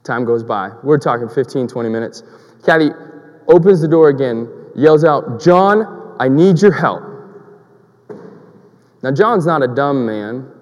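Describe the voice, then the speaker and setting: A man's voice: mid-range voice, normal speed, a little mellow, long reverb tail, lo-fi sound. A man preaching a sermon in a conversational, storytelling way, asking rhetorical questions.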